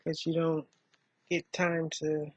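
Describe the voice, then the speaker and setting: A woman vlogger talking softly and reflectively in a rambling way while doing her makeup, in a dull lo-fi recording. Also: sits low, flat delivery, slow pace, slightly rough, dry recording. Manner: soft-spoken, rambling, musing.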